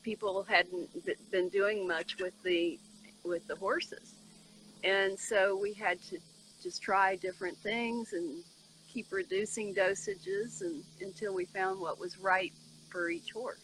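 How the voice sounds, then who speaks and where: A woman from the horse farm explains in a measured, plain way. Her voice is mid-pitched and bright. A faint hum of outdoor noise sits underneath. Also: animated, rough recording. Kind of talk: casual explanation.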